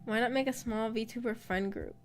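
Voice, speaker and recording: A female VTuber chats casually on her livestream, rambling, trailing off with fillers, and laughing often. Her voice is on the high side at a normal pace, picked up by a streaming microphone with faint music playing in the background.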